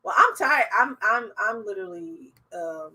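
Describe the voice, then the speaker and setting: A woman's voice: medium pitch, expressive, moderate pace, sharp tone. A woman co-hosting a comedy podcast in casual chat, who laughs easily and announces the guests. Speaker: podcast co-host.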